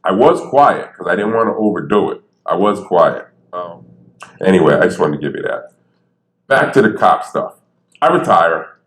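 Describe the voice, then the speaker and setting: A man's voice: low voice, normal speed, low-quality recording. An older man from Bridgeport with a slight stutter, telling stories on a theater stage. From Bridgeport, Connecticut. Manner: animated storyteller, acts out voices, slight stutter. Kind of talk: storytelling talk.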